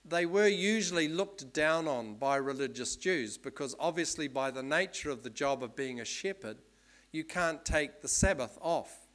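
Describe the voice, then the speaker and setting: A man's voice: a little high, expressive, moderate pace, fairly bright tone. Conversational male preacher. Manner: conversational, explanatory, with fillers. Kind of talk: sermon.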